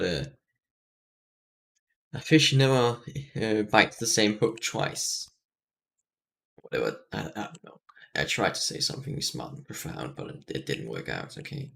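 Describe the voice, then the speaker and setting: A man's voice: on the low side, lively intonation, moderate pace, vocal fry, long pauses, a bit bright. A man thinking aloud while building in a game, mumbling and self-deprecating, in casual gameplay commentary. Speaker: streamer.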